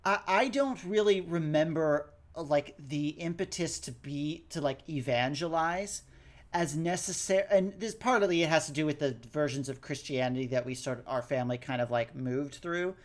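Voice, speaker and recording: Podcast cohost just chatting, mid pitch, lots of restarts. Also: normal speed. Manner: rambling, with many restarts and trailing thoughts. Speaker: podcast co-host. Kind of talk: casual chat.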